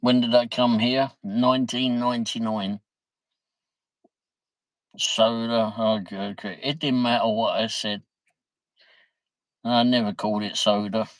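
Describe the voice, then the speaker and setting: A man's voice: mid-range voice, steady tone, normal speed, dry recording, low-quality recording. A middle-aged man, chatting casually on his livestream, reading viewer comments, laughing easily and swearing mildly. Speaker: livestream host.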